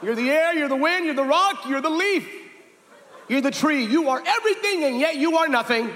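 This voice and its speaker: A man's voice: extremely high pitch, expressive, moderate pace, fairly bright tone, echoey room, in a large hall, slight background noise, voice pushed up. A man mimicking a dreamy singsong woman praying. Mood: mocking. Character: airy vague woman praying to nature.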